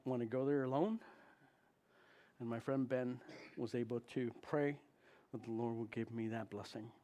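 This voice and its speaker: A man who is a chaplain, telling a story of his trip to a congregation in an animated way and acting out the dialogue. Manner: animated, acts out dialogue with big jumps in pitch and volume. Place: church.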